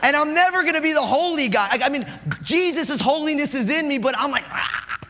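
A male pastor from New Jersey delivers a lively, humorous sermon at a quick clip. His voice sits high for a man. The sound rings with long reverb from a large hall. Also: background noise. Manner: animated, fast-talking, joking.

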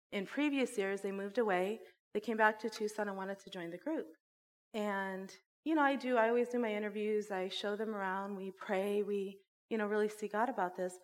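A woman who runs a church school, teaching a sermon and telling a personal story with animated, laughing delivery. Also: medium pitch, moderate pace. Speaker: Bible teacher and school director.

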